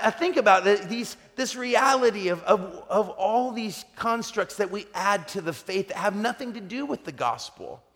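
A man's voice: fairly high pitch, fairly bright tone. A middle-aged pastor telling a story in a sermon, conversational and funny, growing emphatic as he preaches. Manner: conversational, humorous storyteller who grows emphatic when preaching. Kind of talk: sermon told as a personal story. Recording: long reverb of a large hall.

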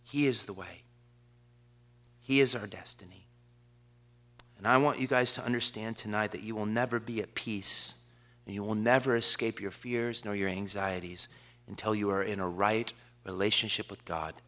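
A man preaching a sermon, quoting scripture in a measured cadence and building to slowed, emphatic declarations. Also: lowish voice, bright, forceful tone. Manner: impassioned preaching. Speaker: pastor.

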